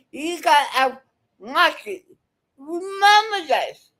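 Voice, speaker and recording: A woman with a high voice ranting in reaction commentary, cursing and scolding the person on screen. She talks slowly and lands each jab hard, angry and heated the whole way through. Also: lively intonation. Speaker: video commentator reacting to clips.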